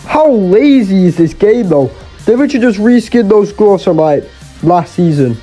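A young man talks over his gameplay in a high, bouncy voice that swings all over the place. He is exasperated and jokey, swearing freely as he plays. A little music runs faintly underneath. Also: lively intonation, normal speed, warm tone, breathy edge. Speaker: gaming YouTuber. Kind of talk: casual gameplay commentary.

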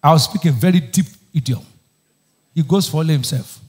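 This pastor's voice is fairly high, fairly quick and a little mellow. Preaching emphatically, he often gets louder and keeps tossing questions to the congregation for them to answer in call-and-response.

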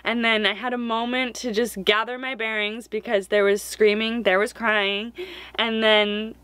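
A woman's voice: a little high, little pitch movement, measured pace, a bit bright, clear, resonant tone, dry recording. A young woman telling her own story to camera, heartfelt and close to tears at times. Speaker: vlogger. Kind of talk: personal story told to camera.

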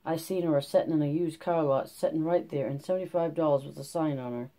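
A reader voicing a quiet young male farmworker who talks in a plain drawl, in an audiobook reading. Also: mid-range voice, fairly even intonation, fast talker, natural voice. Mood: subdued.

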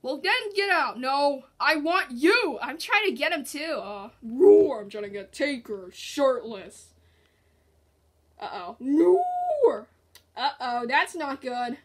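A woman hosting a playful gaming video, squealing and groaning at every turn of the match. Her voice sits high and bright. Her pitch leaps all over while her pace stays slow. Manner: excitable, squealing and groaning at the game. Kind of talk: playful game commentary with toy voices.

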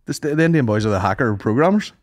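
A man's voice: mid-range voice, lively intonation, fast talker, no echo, studio quality. A man co-hosting a podcast, telling rambling, sweary anecdotes in casual chat and acting out what people said. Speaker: podcast co-host.

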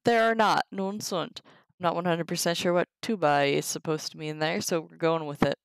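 A woman reading through a Latin textbook on a live stream, sounding out the Latin slowly and chatting casually to viewers between sentences. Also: lowish voice, steady tone, gravelly, smooth, no room sound, low-quality recording. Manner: reads Latin aloud slowly, chatty asides. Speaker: streamer teaching herself Latin.

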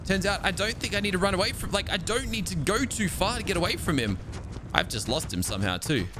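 A young man hosting a gaming channel, giving excitable live gameplay commentary and talking straight to his viewers. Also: high-pitched, fast talker, background noise. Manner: excitable, exclaims often, talks to viewers.

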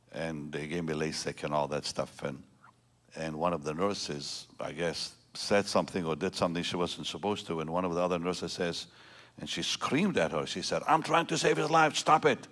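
A man's voice: extremely low pitch, steady tone, normal speed, fairly bright tone. A man in his seventies, a pastor telling a personal story in a sermon, rambling and emotional, with many restarts. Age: 70s. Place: large church.

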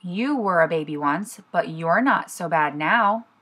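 A woman voicing a gentle, kind father tiger in a storybook reading, speaking calmly and reassuringly. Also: fairly low pitch, unhurried, husky, exaggerated voice.

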